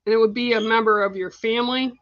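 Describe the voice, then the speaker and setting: A middle-aged woman gives psychic readings on a livestream, talking bluntly and chattily with frequent laughs. Her voice sits a little high. The sound is dry and slightly dull, like lo-fi stream audio. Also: steady tone, fast talker, dry recording. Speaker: psychic card reader, show host.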